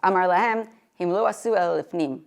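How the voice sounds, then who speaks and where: A woman's voice: lowish voice, fairly quick, vocal fry. A woman giving a Torah lecture to a live audience, reading Hebrew sources aloud and translating them, often asking questions. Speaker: Torah teacher.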